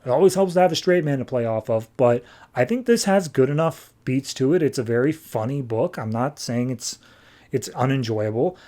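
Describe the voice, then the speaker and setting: A man's voice: medium pitch, lively intonation, moderate pace, dark tone. A man hosting a podcast, giving a casual, rambling review of a comic book. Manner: rambling, conversational. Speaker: podcast host.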